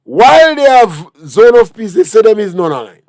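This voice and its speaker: A man's voice: sits high, sing-song, normal speed, a little mellow, no echo, clean studio sound. A man with a Grenadian accent, a talk show guest, lecturing emphatically with rhetorical questions. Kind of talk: political talk show discussion.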